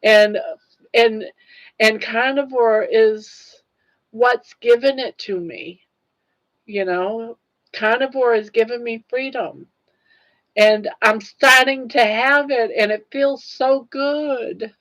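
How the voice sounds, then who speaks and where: A woman's voice: a little high, fairly even intonation, slow, long pauses, a bit bright, low-quality recording. An older woman hosting a casual livestream chat, tearful and earnest as she talks straight to her viewers. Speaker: livestream host.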